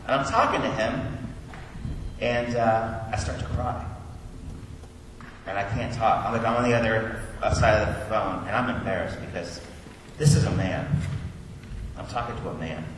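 Man preaching in an echoey hall. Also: fairly low pitch. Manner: conversational, swings from soft and slow to loud and urgent. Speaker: pastor. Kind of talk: sermon. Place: church sanctuary. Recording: echoey hall, distant mic, audible room noise.

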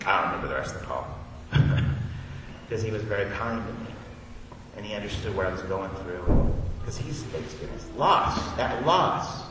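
A man's voice: fairly low pitch, big pitch swings. Man preaching in an echoey hall. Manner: conversational, swings from soft and slow to loud and urgent. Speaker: pastor. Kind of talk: sermon. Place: church sanctuary. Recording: echoey hall, distant mic, audible room noise.

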